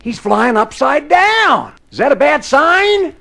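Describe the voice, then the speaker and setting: A man playing an earnest, excitable young greenhorn on a wagon train in a comedy record sketch. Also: extremely high pitch, takes it slowly, vocal fry, exaggerated voice.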